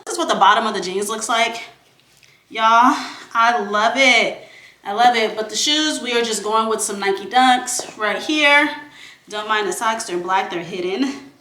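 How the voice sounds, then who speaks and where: A woman in her thirties chatting casually to viewers in a vlog, animated and slangy with frequent asides. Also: a little high, unhurried. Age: 30s. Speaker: vlogger. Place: in a car and at home.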